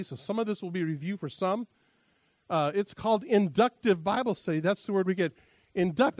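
A man's voice: sits high, no room sound. A man preaching as a pastor, talking in a loose, conversational, self-amused way and opening with a joke. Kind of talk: casual sermon with a joke.

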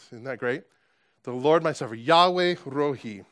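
A man delivers a sermon with earnest emphasis. His voice sits a little high for a man. He restarts phrases often and keeps asking his listeners rhetorical questions. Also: moderate pace, no room sound, clean studio sound. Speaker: pastor.

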